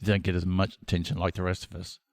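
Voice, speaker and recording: A man from Australia co-hosting a casual podcast, teasing his co-host with quick banter. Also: deep voice, monotone, no echo. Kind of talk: casual chat.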